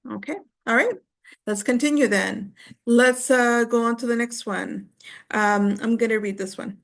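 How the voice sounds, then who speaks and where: A woman's voice: fairly high pitch, steady tone, vocal fry. Patient woman teaching English online. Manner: patient, encouraging, explains slowly with fillers.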